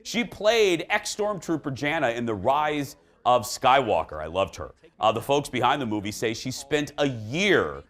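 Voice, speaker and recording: A man hosting an entertainment talk show, chatting casually with an animated, joking and emphatic manner. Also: mid-range voice, moderate pace, hardly any pauses.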